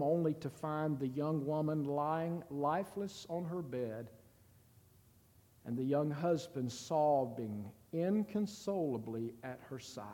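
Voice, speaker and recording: A man reading a story aloud in a slow, deliberate and somber way, with a long reverb. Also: a little high, warm tone.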